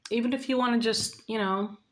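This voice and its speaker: This woman's voice sits fairly high, and she talks a little fast in a steady tone. A spiritual vlogger, she speaks casually and earnestly to her viewers about faith and helping others, chatting away and repeating herself.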